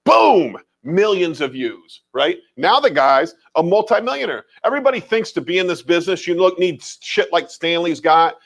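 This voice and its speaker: A man's voice: on the high side, fairly quick, hardly any pauses. A man with an American accent co-hosting a casual livestream, talking emphatically and repeating his points. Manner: animated and emphatic, repeats phrases, mild swearing. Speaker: livestream co-host.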